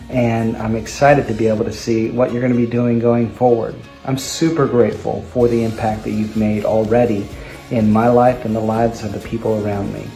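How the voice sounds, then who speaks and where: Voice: mid-range voice, dark tone, echoey room, low-quality recording. A speaker giving a composed, prepared-sounding birthday speech. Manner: measured and composed. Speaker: friend sending a birthday message.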